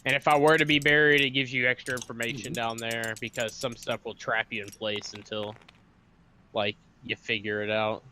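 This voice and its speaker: A man's voice: medium pitch, flat delivery, normal speed, sharp tone, a little hiss or hum. A man co-hosting a podcast, patiently walking the others through the rules of a board game. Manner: patient, methodical, walks through steps. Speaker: podcast co-host explaining rules. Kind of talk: casual rules explanation.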